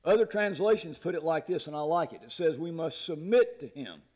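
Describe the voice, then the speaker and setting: Folksy pastor, a man with a fairly high voice. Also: expressive, a little fast, darkish tone. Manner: folksy, laughs at his own jokes. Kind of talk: sermon with a humorous story.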